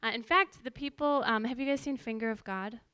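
A woman's voice: on the high side, brisk, bright, forceful tone, clean tone, no room sound. A woman worship pastor in her thirties telling a personal story in a casual, conversational way, full of fillers and asides. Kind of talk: personal testimony.

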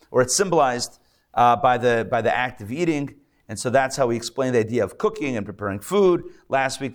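A male rabbi teaches a live class before an audience, chatty and joking, with many fillers and restarts. His voice is medium-pitched.

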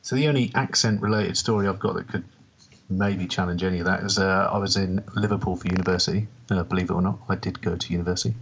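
A man's voice: sits low, steady tone, quick pace, slight background noise. A man from England co-hosting a podcast and chatting casually, with a dry, understated delivery. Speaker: podcast co-host. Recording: dull lo-fi sound.

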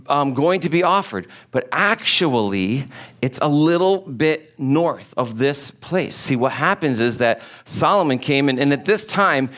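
Animated male preacher, slightly high voice. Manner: animated, emphatic rhetorical questions. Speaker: pastor. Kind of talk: sermon.

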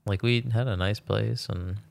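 Deep gravelly man, laid-back. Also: fairly even intonation, normal speed, no echo, clean studio sound. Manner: laid-back storyteller, lots of fillers. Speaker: podcast co-host. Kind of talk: casual chat.

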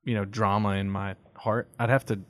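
A man's voice: fairly low pitch, little pitch movement, moderate pace. A man joking wryly in a casual chat. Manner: joking, wry.

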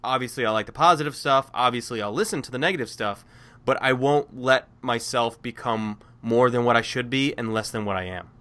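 A man's voice: mid-range voice, a little fast, bright, forceful tone. A man hosting a podcast in casual conversation, laid-back and encouraging. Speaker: podcast host.

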